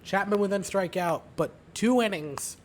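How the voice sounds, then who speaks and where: A hoarse young man with a raspy, sore-throated voice, recapping a baseball game in a calm, casual way. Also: sits high, moderate pace, a little hiss or hum. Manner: aims for calm, mellow delivery. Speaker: fan recapping baseball games.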